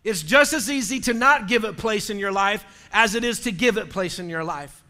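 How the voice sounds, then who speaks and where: High, bright-voiced preaching man. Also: moderate pace. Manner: impassioned preaching, rising to shouts. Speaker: pastor. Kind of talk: sermon.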